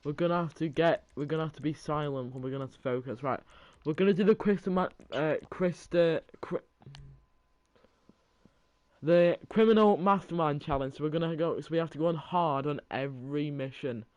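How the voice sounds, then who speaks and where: A man's voice: on the high side, brisk, a little mellow, no echo, muffled recording. A young man in casual gaming chat, blunt, focused on the game and swearing offhandedly. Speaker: podcast co-host.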